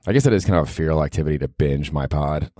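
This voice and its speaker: A man with a very low voice talks alone into a mic, rambling loosely and making fun of himself, with the odd swear tossed in. The sound is dry and close, with no room around it. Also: lively intonation, fast talker, warm tone, dry recording. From Cleveland, Ohio. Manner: rambling, self-deprecating, swears casually. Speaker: podcast host. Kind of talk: solo podcast monologue.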